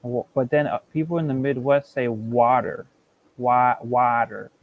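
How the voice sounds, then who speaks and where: A man's voice: medium pitch, moderate pace. A man in a casual group chat, curious and asking many questions. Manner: inquisitive, keeps asking questions. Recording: tinny phone-like line.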